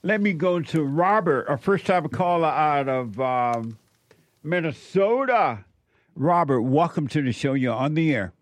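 A man hosting a call-in radio show, giving slow, repetitive advice to callers. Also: on the high side, animated, no echo.

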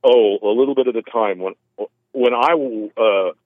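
A man calling in by phone, rambling and halting with self-deprecating restarts. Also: mid-range voice, dry recording. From California. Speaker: caller. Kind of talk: phone call-in chat. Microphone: telephone. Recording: tinny phone line.

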